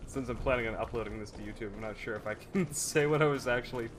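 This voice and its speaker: Joking, profane gameplay commentator. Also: male voice, medium pitch, quick pace, noisy background. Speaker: let's play host. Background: game music.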